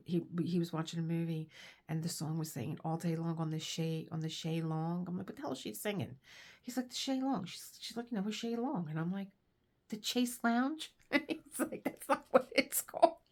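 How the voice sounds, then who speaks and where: A husky-voiced woman pitched on the low side. She talks in a rambling, chatty way and laughs often as she reads aloud and tells stories. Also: steady tone, moderate pace, darkish tone. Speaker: crafting vlogger. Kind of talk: casual chat with reading.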